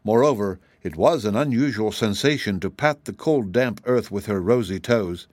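A man giving measured, gentle scripted storybook narration as an audiobook reader. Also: fairly low pitch, dry recording.

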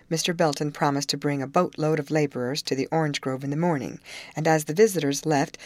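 A woman reading a novel aloud in calm, even storytelling. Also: low voice, no room sound. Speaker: audiobook narrator. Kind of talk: scripted narration.

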